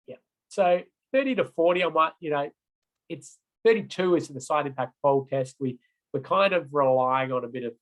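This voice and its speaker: A man's voice: a little high, low-quality recording. A middle-aged man giving an online road safety training lecture, chatty, often checking in with "right?" and "okay?".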